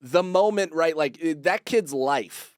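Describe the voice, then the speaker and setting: A man's voice: fairly high pitch, expressive, unhurried, smooth, no room sound, clean studio sound. A man co-hosting a podcast in casual chat, rambling and swearing with many restarts. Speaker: podcast co-host.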